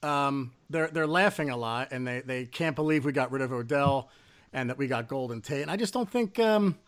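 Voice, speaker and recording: A man's voice: medium pitch, expressive, normal speed. A middle-aged man co-hosting a podcast, chatting casually and telling rambling, self-deprecating anecdotes. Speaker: podcast co-host. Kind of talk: casual sports chat.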